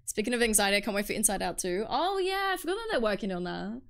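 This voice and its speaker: A woman's voice: medium pitch, lively intonation, quick pace, vocal fry, a bit bright. Chatty, foul-mouthed woman streamer. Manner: chatty, swears freely, reads and answers viewer chat. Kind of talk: casual chat while livestreaming a video game.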